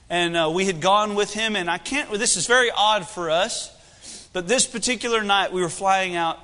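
A young preacher tells a story from the pulpit in a high, bright, ringing voice. He talks in a folksy, animated way, and his energy rises and falls. The sound carries a long echo from the hall. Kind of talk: sermon storytelling.

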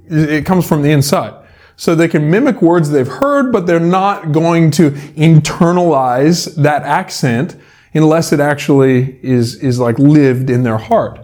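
A man's voice: fairly high pitch, darkish tone. A man preaching a casual, conversational sermon with a playful touch, using a soda can as a prop. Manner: conversational, playful, uses props. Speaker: pastor.

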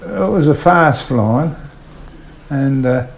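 A man's voice: on the high side, slow pace, gravelly, a little hiss or hum, low-quality recording. An older Australian man, a retired train driver, telling stories in an oral history interview and voicing the people in them. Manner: animated yarn-spinner, voices people in his stories.

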